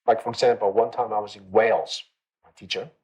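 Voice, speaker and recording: A man's voice: on the low side, steady tone, brisk, a little mellow, breathy edge, muffled recording. A man teaching a meditation class in a conversational way, often checking in with his listeners and repeating phrases for emphasis. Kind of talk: dharma talk to a class.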